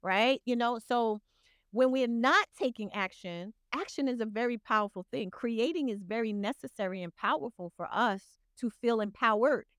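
A woman's voice: a little high, moderate pace, fairly bright tone, clean tone, no room sound, clean studio sound. Encouraging woman on a podcast. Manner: encouraging, motivational, earnest. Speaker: podcast guest, coach. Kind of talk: casual podcast conversation.

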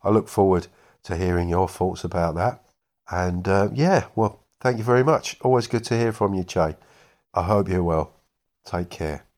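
A man hosting a podcast, replying to listener messages in a measured, thoughtful and slightly hesitant way. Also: low-pitched, a little mellow. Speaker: podcast host.

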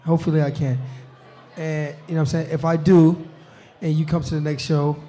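Relaxed young man, mellow voice. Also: fairly high pitch, a little fast. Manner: laughs often, repeats "you know what I'm saying". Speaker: pro football player, show guest host. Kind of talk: casual live podcast chat. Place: restaurant during a live show.

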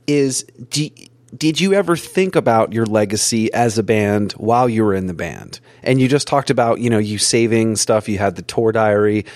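Male podcast host, casual and wandering questions, lower voice, close dry sound. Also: moderate pace, a little mellow, no echo. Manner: rambling, stacks several questions at once. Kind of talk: casual interview chat.

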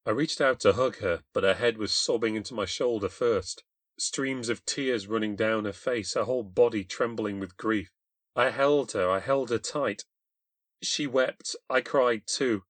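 British male narrator for a ghost story, low-pitched, dry booth sound, wry and confessional. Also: dry recording. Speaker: podcast host and narrator. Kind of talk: scripted first-person storytelling.

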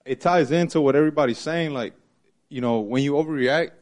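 Low-voiced guy telling a family story to a group, lively, acts out voices. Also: a little fast. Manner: animated, acts out voices in his story, laughs often. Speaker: group participant sharing a story.

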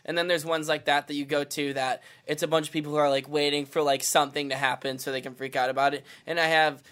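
A man's voice: a little high, fast, clean tone. A young man, a rapper guest on a podcast, telling a story in casual chat, swearing freely and acting out the people he quotes. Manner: animated, swears a lot, acts out others in quotes.

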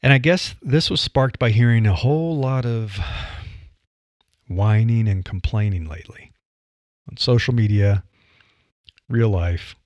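A man's voice: on the low side, unhurried, pauses often, darkish tone, no room sound. An older man from Nebraska with a Midwestern accent, hosting a solo podcast and speaking bluntly and wryly. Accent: Midwestern American. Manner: blunt, plain-spoken, wry. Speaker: podcast host. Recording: dry, slightly dull audio.

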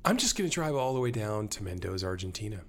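A man talking in a casual podcast conversation, animated and rambling, joking as he tells stories. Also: fairly low pitch, fast. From born in Germany to American parents. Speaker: podcast guest.

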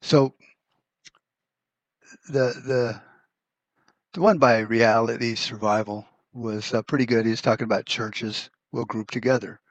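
A man's voice: mid-range voice, steady tone, unhurried, pauses often, no echo, dull audio. A man hosting a prepper podcast, talking in a blunt, profane, rambling way with many restarts. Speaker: podcast host. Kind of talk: casual rant podcast.

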